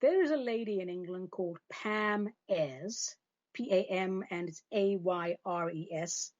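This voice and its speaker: A woman hosts a solo talk show with a slightly breathy, husky voice. She sounds chatty and opinionated and leans hard on her points. The recording is dull and lo-fi. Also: mid-range voice, a little mellow, dry recording. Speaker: podcast host.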